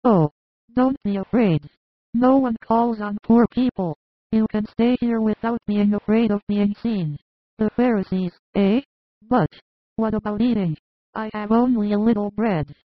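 A woman's voice: medium pitch, measured pace, no room sound, lightly acted. A woman playing a sick young mother who speaks in a pleading, emotional way. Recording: muffled, narrow phone-like sound.

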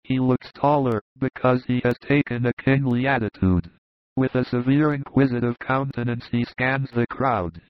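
Measured male audiobook narrator. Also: mid-range voice, fairly even intonation, no room sound. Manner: measured, descriptive. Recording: dull lo-fi recording.

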